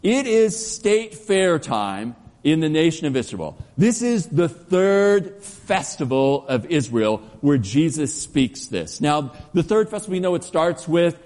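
A man preaching a sermon as pastor, storytelling with energy and dropping to slow, soft emphasis on key words. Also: on the high side, sing-song. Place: church sanctuary. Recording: long church reverb.

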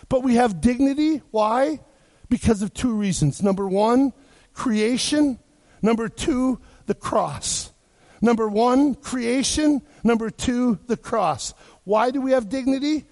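A man's voice: sits high, darkish tone. A man from Wisconsin preaching a sermon with punchy rhetorical questions and joking asides.

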